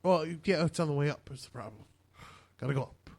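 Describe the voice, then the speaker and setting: A man with a fairly high voice co-hosts a podcast, throwing in jokes and skeptical questions as the talk goes on. His delivery is loose and chatty, and he often breaks in on his partner. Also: expressive, quick pace, darkish tone. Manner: joking, skeptical banter. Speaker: podcast co-host. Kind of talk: casual chat.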